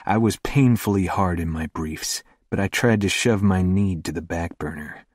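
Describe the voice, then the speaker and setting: A man narrating a first-person romance audiobook in a slow, hushed, intimate delivery. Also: low-pitched, no room sound, clean studio sound.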